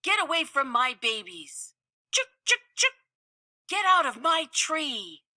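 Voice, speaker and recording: A woman voicing a fierce, protective old mother squirrel who scolds in shrill chatters. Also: sing-song, takes it slowly, bright, forceful tone, dry recording, clean studio sound, full character voice. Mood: scolding.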